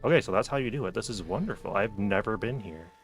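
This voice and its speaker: A man's voice: lowish voice, expressive, fast, soft background music. A man streaming a game late at night, chatting casually, joking, and talking to the characters on screen. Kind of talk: casual gameplay commentary.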